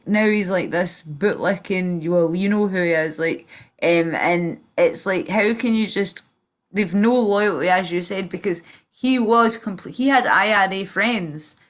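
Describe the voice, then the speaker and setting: A Northern Irish woman talks loosely on a livestream in a mid-pitched voice. She rambles, swears freely and leans on "like" and "you know", often restarting her sentences. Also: a little slow. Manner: rambling, swearing, full of fillers. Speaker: stream host. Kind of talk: casual livestream chat.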